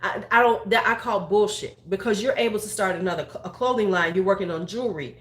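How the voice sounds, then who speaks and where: Outspoken woman in her forties doing blunt beauty chat; mid pitch, roomy echo. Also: fast talker, fairly bright tone. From United States. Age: 40s. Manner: blunt, profane, rambling. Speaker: beauty YouTuber. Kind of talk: casual opinion chat.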